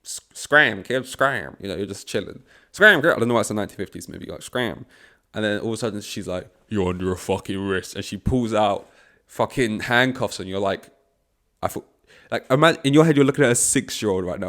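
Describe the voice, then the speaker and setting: A young man rambling through a casual solo podcast monologue, swearing often, with many fillers and restarts. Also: fairly low pitch. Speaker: podcast host.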